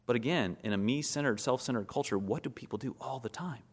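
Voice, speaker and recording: A man's voice: mid-range voice, fast talker, slightly rough. A man preaching a sermon, who asks his listeners questions, answers them himself and acts out short scenes in quoted voices.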